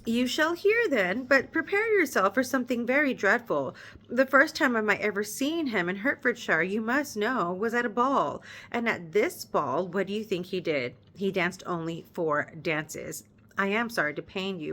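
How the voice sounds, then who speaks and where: A bright-spirited young lady of the gentry, arch and teasing, voiced by a woman reading a classic novel aloud. She speaks in a light, slightly raised, playful tone. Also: a little high.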